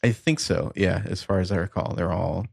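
A man hosting a podcast in casual chat, talking in a measured, dry way with mild understatement. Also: deep voice, vocal fry, a little mellow, dry recording. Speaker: podcast host.

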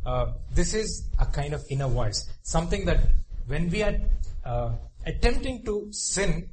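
A male preacher speaks in an earnest, repetitive way, often restarting his phrases and pausing on you-knows. His voice sits a little high for a man. A light hiss of background noise runs under the sermon. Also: lively intonation, darkish tone, rough recording.

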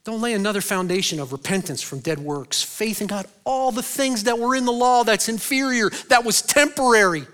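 A man preaching a sermon as pastor, swinging between loud, high bursts and quiet, low stretches, and asking the congregation questions he answers himself. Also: animated, fairly quick, few pauses.

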